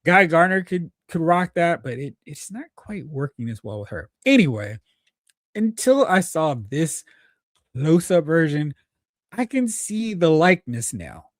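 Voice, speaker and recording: A man's voice: a little high, no echo, studio quality. A man hosting a live stream, chatting casually, thinking aloud and reading out viewer comments. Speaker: host.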